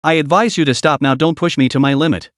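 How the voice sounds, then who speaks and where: A man's voice: a little high, fast talker, no room sound, clean studio sound, close to an everyday voice. A man voicing a poised, cold young woman executive, polite but firm, in a story recap.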